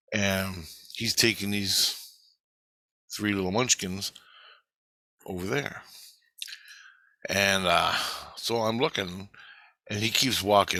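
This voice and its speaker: A man casually retelling a dream in a rambling, profane, animated way. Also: low voice, no room sound.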